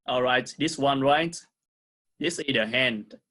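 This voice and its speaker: A man with a Vietnamese accent teaching an English lesson to young pupils, saying words slowly and repeating them for the class. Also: medium pitch, pushed and bright. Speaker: primary school English teacher. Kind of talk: recorded online lesson.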